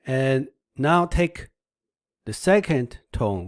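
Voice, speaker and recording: A man's voice: fairly low pitch, takes it slowly, no echo. Patient male language teacher, dry sound. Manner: patient, explains step by step, demonstrates tones by voice. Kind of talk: slide-based language lesson.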